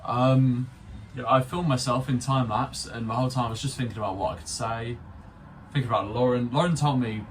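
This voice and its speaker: A man's voice: mid-range voice, steady tone, brisk, recorded from a distance, a little hiss or hum. A young man rambling through an unscripted toy review, swearing and poking fun at himself. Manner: rambling, sweary, self-mocking. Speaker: vlogger reviewing a spinning top toy.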